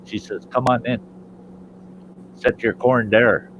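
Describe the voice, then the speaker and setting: A man hosting a relaxed chat and spinning a joke, slipping into the voices of his characters as he goes. His voice sits at an ordinary middle pitch. The recording is a little dull and muffled, with a faint hiss underneath. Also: takes it slowly. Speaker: host. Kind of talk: telling jokes in casual chat. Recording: slightly dull, muffled sound.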